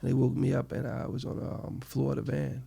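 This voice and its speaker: A middle-aged man with a New York accent, telling his story as an interview guest in an animated, casual way, acting out the people he quotes. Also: mid-range voice, fairly quick, vocal fry, breathy edge.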